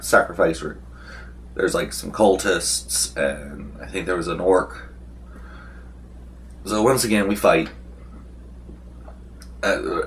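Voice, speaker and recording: A man's voice: low voice, a little hiss or hum. A young man casually recapping a tabletop role-playing session, rambling with fillers and restarts and acting out what the players said. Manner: acts out the game master's and players' lines.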